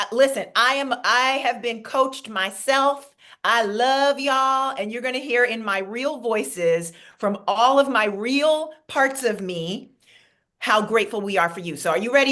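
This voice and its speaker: List: New York woman, comedian, playful banter, fairly high voice, video call. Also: expressive, fairly bright tone. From Queens, New York. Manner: playful, quick banter with asides. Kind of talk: comedic monologue.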